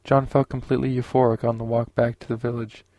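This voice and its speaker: A man narrating a science fiction audiobook in a steady, unhurried way. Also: medium pitch, no room sound, highs cut off.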